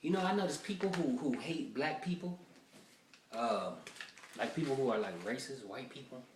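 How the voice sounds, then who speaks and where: A man running through stand-up material in an animated, profane, rambling way. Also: medium pitch, moderate pace, a little hiss or hum. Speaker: stand-up comedian. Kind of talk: stand-up rehearsal. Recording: roomy echo, mic far off.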